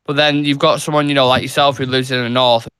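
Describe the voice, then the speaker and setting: A man's voice: mid-range voice, little pitch movement, fast, a bit bright, smooth. A young Englishman, co-hosting a live football watchalong with blunt, swearing banter. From England. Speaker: co-host. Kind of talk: casual live watchalong chat.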